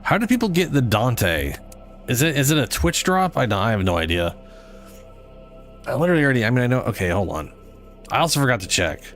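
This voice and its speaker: A man's voice: mid-range voice, big pitch swings, a little fast, long pauses, fairly bright tone, faint music behind. A man streaming a game in casual chat, sleep-deprived and rambling, cursing now and then.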